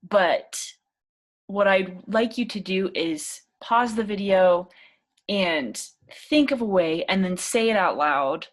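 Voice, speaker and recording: A woman's voice: mid-range voice, lively intonation, slow. A young woman teaching a casual English speaking lesson, chatty and encouraging, with plenty of fillers.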